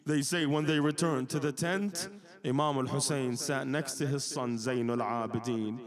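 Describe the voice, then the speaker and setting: A man preaching a mourning sermon, telling the story with deep emotion and chanting lines in Arabic. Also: steady tone, moderate pace, crowd noise. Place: Islamic centre hall.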